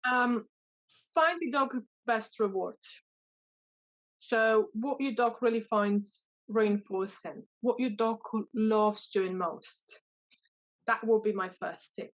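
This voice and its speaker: Woman dog trainer, dull lo-fi sound. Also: on the high side. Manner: hesitant, many fillers and restarts. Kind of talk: interview answers.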